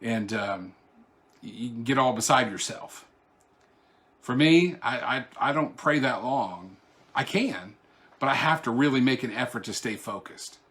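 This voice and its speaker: A man who is a pastor teaches a Bible study online, talking conversationally with asides and restarts. He sounds animated yet unhurried, with a medium pitch and fairly bright tone, and he declaims scripture aloud in a raised voice.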